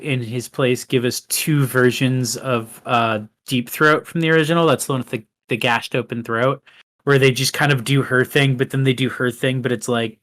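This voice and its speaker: A man's voice: mid-range voice, a bit bright. Male podcast co-host, loose rambling delivery, lots of "like" and restarts. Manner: rambling, frequent fillers and restarts. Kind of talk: casual film discussion.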